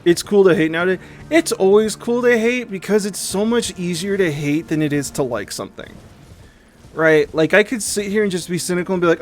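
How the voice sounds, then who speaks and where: A young man chatting casually on a livestream, animated and profane, often mimicking other people in quick asides. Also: high-pitched. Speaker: streamer.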